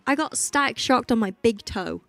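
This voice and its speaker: A woman's voice: a little high, lively intonation, moderate pace, gravelly, a bit bright, soft background music. A young woman, co-hosting a stream, laughing often and chatting before explaining a raid fight. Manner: giggly, chatty, explains game mechanics. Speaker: stream co-host. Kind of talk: casual chat and game commentary.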